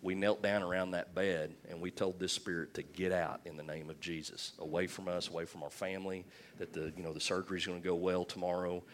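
A man's voice: sits low, little pitch movement, a little fast, a little hiss or hum. A man preaching a sermon, telling a personal story and calling for amens. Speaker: pastor.

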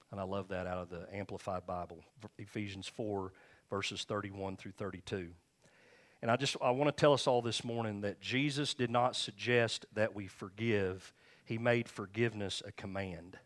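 Low-voiced pastor preaching conversationally. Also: male voice, fairly even intonation, moderate pace. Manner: conversational storytelling with chuckles. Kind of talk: sermon. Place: church.

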